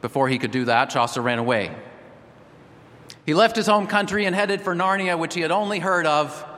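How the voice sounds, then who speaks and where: A man's voice: fairly high pitch, lively intonation, brisk, fairly bright tone. A man preaching a sermon, reading a story aloud and then appealing earnestly with rhythmic repetition. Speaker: pastor. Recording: long hall reverb.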